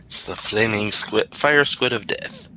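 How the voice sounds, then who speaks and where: A tired man guest author on a livestream video call, laid-back and brief. He speaks very slowly, with a sharp, very bright and tense tone. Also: fairly low pitch, rough recording. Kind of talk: casual chat on a livestream.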